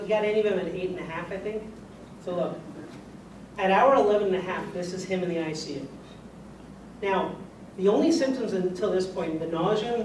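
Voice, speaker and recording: A man's voice: high-pitched, darkish tone. A man who is a doctor giving a conversational lecture to a live audience, asking them questions as he goes. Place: lecture room. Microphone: far room mic. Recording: echoey room, distant mic, background noise.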